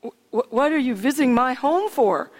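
A woman's voice: high-pitched, animated, moderate pace. A woman preacher voicing a humble poor man who stammers in flustered protest, in a reverberant hall.

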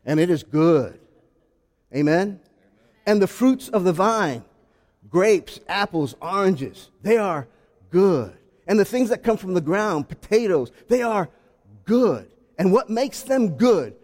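Male pastor, sermon delivery, soft asides building to shouts, echoing church hall. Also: high-pitched, expressive, takes it slowly. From South Carolina. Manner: swings from hushed to shouting.

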